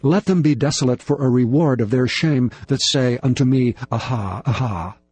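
A man reading scripture aloud in a measured, reverent way. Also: mid-range voice, darkish tone, husky. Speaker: scripture reader.

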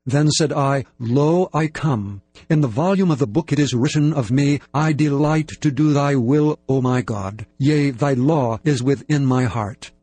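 A man's voice: mid-range voice, unhurried, hardly any pauses, warm tone. Reverent man reading scripture. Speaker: scripture reader.

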